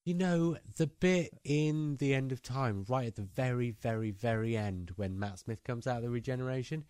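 A man's voice: mid-range voice, normal speed, a little mellow, smooth, no room sound, studio quality. A man hosting a podcast, chatting casually and reading out listener questions. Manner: chatty, reads out listener emails.

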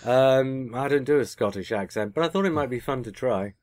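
A man's voice: medium pitch, brisk, a little mellow, no echo. Chatty man with a dry voice. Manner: chatty, self-correcting, teasing. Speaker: podcast co-host. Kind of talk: casual chat.

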